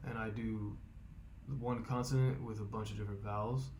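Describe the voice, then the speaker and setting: A man talking through his vocal warm-up routine, explaining step by step and thinking aloud with fillers. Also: on the low side, fairly even intonation, normal speed, slight background noise. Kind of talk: casual instructional vlog.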